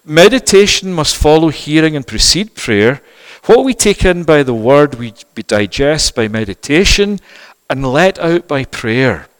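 A middle-aged male pastor giving a sermon, moving from quiet conversational asides to loud, fervent preaching. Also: on the high side, big pitch swings, measured pace. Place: church. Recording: reverberant church hall.

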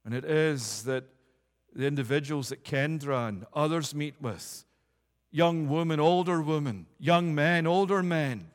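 Man, preacher, fairly high voice, emphatic sermon, long hall reverb. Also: unhurried. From United Kingdom. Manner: emphatic, building repeated declarations to a rising pitch.

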